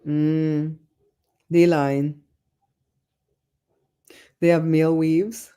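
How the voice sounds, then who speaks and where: Middle-aged woman livestream host, chatty and animated, mellow lower voice. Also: very slow. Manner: chatty, animated storyteller reading chat. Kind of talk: casual livestream chat.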